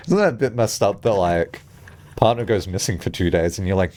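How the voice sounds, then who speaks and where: A young adult man with a deep, slightly mellow voice streams a video game, talking fairly quickly and animatedly as he rambles through comic tangents and laughs a lot in casual live commentary.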